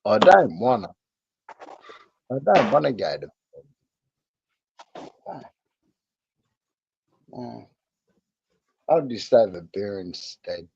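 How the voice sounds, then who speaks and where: Laid-back Australian man, low energy. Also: big pitch swings, takes it slowly, vocal fry, pauses often, a little mellow, breathy edge, dry recording. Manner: laid-back, swearing, laughing often. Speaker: livestream co-host. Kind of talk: casual late-night chat. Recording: muffled lo-fi stream audio.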